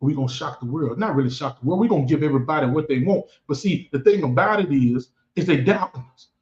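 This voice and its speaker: Man, high-pitched fan vlogger, boastful and taunting; echoey room, dull lo-fi sound. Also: expressive, fast talker, a little mellow. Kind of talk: trash-talking football commentary.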